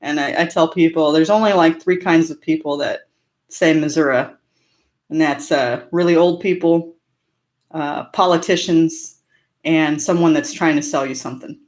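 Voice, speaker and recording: Her voice sits low, a little mellow, with fairly even intonation and normal speed. A talkative Southern Californian from Orange County, she hosts a relaxed live stream, laughing often and using many fillers as she replies to viewer comments.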